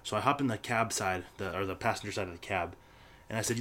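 A man's voice: fairly low pitch, bright, forceful tone, slight background noise. A man co-hosting a casual podcast chat, telling stories and acting out the people in them. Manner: fast storytelling, acts out quoted people. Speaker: podcast co-host.

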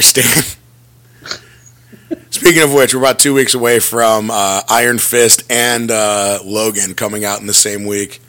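Man, podcast host, casual chat, jokey, lively, mid-pitched voice. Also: moderate pace. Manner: jokey, lively, full of pop-culture riffs.

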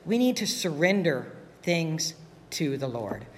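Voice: mid-range voice, big pitch swings, a little slow. A pastor preaching a sermon in an earnest, conversational way, repeating key phrases. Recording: long reverb of a hall.

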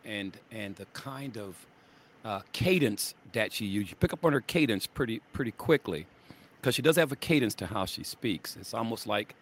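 An older man chatting on a faith podcast with a lively, swinging voice. He tells stories with gusto, laughs often and acts out other people's lines. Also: fairly low pitch, moderate pace. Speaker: podcast co-host. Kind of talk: casual faith podcast chat.

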